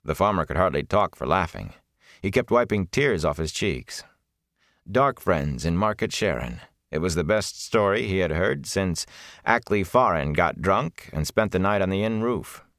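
Deep-voiced male audiobook narrator. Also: dry recording, studio quality. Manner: measured, expressive storytelling. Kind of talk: scripted fantasy narration.

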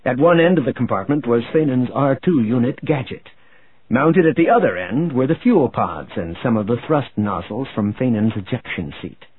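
A man narrating a space adventure audiobook in a steady, measured way. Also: mid-range voice, slightly rough. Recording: tinny phone-like sound.

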